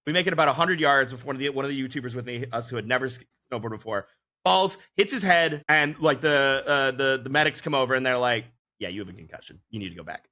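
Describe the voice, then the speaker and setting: A man chatting casually on a podcast, telling animated anecdotes and laughing often. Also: mid-range voice, fast talker. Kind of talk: casual chat, storytelling.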